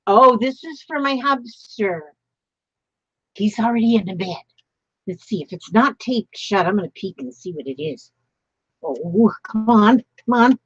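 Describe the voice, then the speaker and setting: A woman's voice: mid-range voice, expressive, normal speed, slightly rough, no echo, muffled recording. An older woman chatting casually while opening happy mail, gushing and exclaiming often. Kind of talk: casual live-stream chat.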